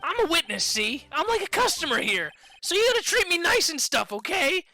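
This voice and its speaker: A streamer voicing a brash, goofy young man on the witness stand, loud and slangy with a whiny edge. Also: very high voice, big pitch swings, a little fast, faint music behind, voice pushed up, heavily acted. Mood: pushy.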